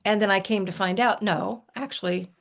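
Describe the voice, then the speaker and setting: Older woman, gravelly, mid-pitched; folksy interview storyteller who restarts often. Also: steady tone, normal speed. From United States. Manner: warm folksy storytelling with frequent restarts and laughs. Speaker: herbalist guest. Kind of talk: relaxed conversational storytelling.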